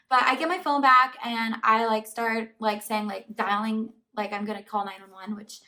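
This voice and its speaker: A woman's voice: a little high, moderate pace, hardly any pauses. Chatty woman, set back from mic. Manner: chatty, fillers of "like" throughout, animated retelling. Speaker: vlogger. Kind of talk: casual storytime to camera. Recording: voice somewhat far from the mic.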